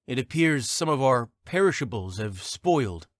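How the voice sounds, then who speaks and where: A man voicing a rough-voiced, formal male scout in an audiobook. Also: mid-range voice, sing-song, moderate pace, dry recording, clean studio sound, pitched above the performer's own voice, natural voice. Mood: dutiful.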